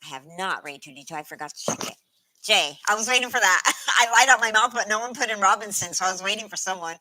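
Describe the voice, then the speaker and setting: A woman's voice: medium pitch, quick pace, pushed and bright, no room sound, low-quality recording. A woman hosting a casual trivia stream, playful and laughing often as she reads out chat.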